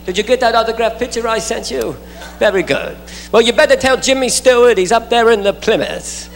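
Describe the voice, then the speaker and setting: A stand-up comedian playing a smooth, charming old-Hollywood leading man in a live club. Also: very high voice, brisk, big-room sound. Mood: suave. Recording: live club, crowd laughter, noisy.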